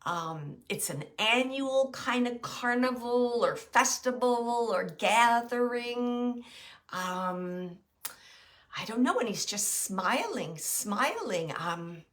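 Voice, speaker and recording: Bright-voiced woman doing a psychic reading. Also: fairly high pitch, expressive, takes it slowly. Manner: hesitant, thinking aloud with many fillers; describes impressions as they come. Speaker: psychic medium. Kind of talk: live psychic reading to viewers.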